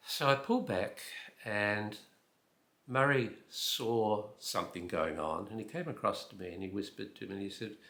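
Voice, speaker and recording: A man in his eighties, from New Zealand with an Australian accent, telling a personal anecdote in an unhurried way with fillers and wry asides. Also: fairly low pitch, a bit bright, echoey room. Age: 80s. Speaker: storyteller.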